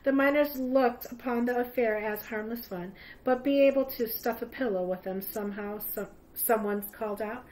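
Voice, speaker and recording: A woman, a teacher, reading a children's novel aloud in a steady storytelling voice with a few small slips. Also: on the high side, moderate pace, hardly any pauses, poor audio. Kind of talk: children's book read-aloud.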